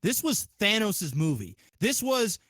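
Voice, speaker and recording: A man hosting a podcast, chatting casually in an excitable, profane way with lots of restarts. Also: high-pitched, unhurried, no room sound. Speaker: podcast host.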